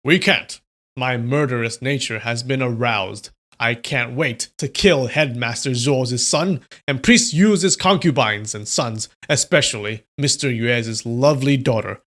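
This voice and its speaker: A man voicing a ruthless old male demonic sect leader, reading him loud, boastful and threatening. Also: medium pitch, a little slow. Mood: menacing.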